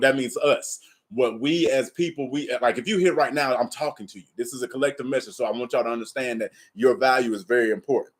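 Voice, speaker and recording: A man's voice: medium pitch, fast. Laid-back man streaming from home, talking straight to viewers, swears freely. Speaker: tarot reader and live stream host. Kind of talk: casual live stream chat and reading aloud. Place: at home in an apartment.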